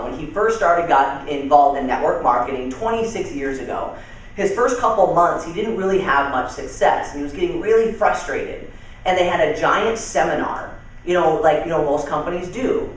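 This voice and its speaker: A young man leads a casual, energetic sales training session, telling stories and calling his listeners dude and man. His voice sits a bit on the high side. It comes from a distance, washed in heavy room echo. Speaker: network marketing trainer. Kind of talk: training talk with storytelling. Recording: very echoey room, voice far from mic.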